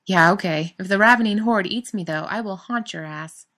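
Storybook role: woman reading a crude, joking young guy, quick and cocky. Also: medium pitch, fairly bright tone, lightly acted. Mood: mocking. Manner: crude, mocking, wisecracking. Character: brash joking young man.

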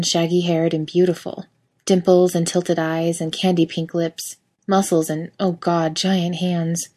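A woman reads a story aloud with a wry, casual delivery that lets the odd swear word through. Her voice sits a little low. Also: mellow. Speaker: reader. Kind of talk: storytelling narration.

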